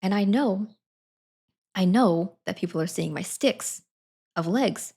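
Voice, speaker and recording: A woman's voice: mid-range voice, slow pace, gravelly, warm tone, husky. A woman chatting casually to her live stream audience, giggling between sentences. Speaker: Twitch streamer.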